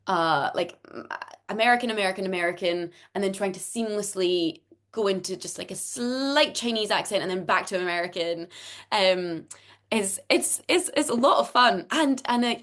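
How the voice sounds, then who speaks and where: A woman with a neutral Scottish accent and a mid-range, slightly bright voice chats casually as a guest voice actor in an interview held over a video call. She laughs often and keeps restarting her sentences.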